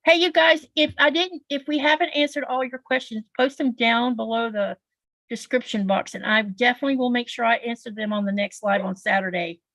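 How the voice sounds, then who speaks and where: A woman's voice: fairly high pitch, fairly even intonation, brisk, fairly bright tone, dry recording, poor audio. A woman chatting casually on a sewing livestream as co-host, telling long rambling stories with many fillers.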